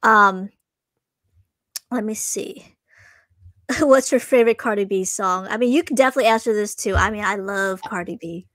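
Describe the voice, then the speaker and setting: A woman hosting a casual livestream Q&A, bubbly and excitable, talking over a video call. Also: mid-range voice, moderate pace, pauses often, dry recording. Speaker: host. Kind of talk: livestream Q&A chat.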